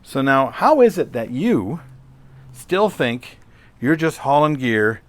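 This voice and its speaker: A man's voice: mid-range voice, big pitch swings, slow. A middle-aged man hosting a solo podcast, talking conversationally and telling a story with rhetorical questions. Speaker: podcast host.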